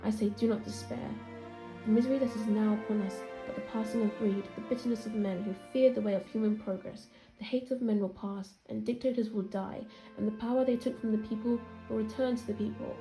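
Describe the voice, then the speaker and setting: A woman's voice: on the high side, fairly even intonation, a little fast, over music, close to an everyday voice. A woman playing an earnest man giving an impassioned, hopeful speech. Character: earnest male speaker pleading for humanity.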